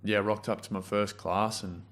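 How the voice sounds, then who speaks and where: A man's voice: lowish voice, level tone, moderate pace, fairly bright tone. A young man with an Australian accent, chatting casually as a guest and telling school stories with lots of restarts and fillers. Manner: storytelling with frequent restarts and fillers. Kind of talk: casual chat.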